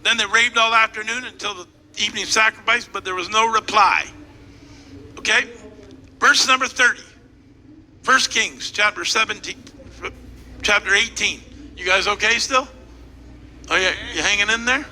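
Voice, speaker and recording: A pastor acts out a scripture story, full of playful asides and quick directions to his helpers. His very high, sharp voice rings through a large hall with a long echo and faint background noise. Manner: animated and playful, directing volunteers and joking with the crowd. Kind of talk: sermon retelling a scripture story. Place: church hall.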